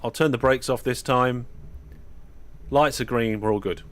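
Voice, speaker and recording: A young British man talks through a live stream of a train simulator game. He chats easily with his viewers and fills his talk with ums, uhs and restarts. His voice sits at an everyday middle pitch for a man. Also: fairly even intonation, measured pace. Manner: chatty, talks to viewers while playing, frequent fillers and restarts. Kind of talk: casual live-stream commentary.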